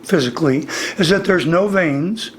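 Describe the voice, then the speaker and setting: An older man teaching singing in a slow, deliberate interview manner, his voice slightly worn. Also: fairly high pitch, soft background music. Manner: demonstrates vocal registers, slow and deliberate. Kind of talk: instructional interview.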